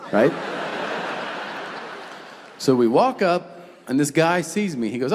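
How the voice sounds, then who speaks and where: A man in his forties doing a stand-up comedy set, telling stories in an exasperated, animated way with sudden yelps. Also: on the high side, measured pace, long pauses. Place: large comedy venue stage. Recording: live hall reverb with crowd. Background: audience laughter.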